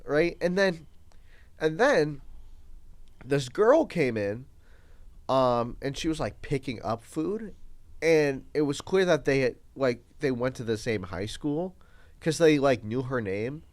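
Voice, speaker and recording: Slowly and in a voice on the high side, a young adult man co-hosting a podcast shares a story in relaxed conversation. He's animated, laughs a lot, and acts out the people he quotes.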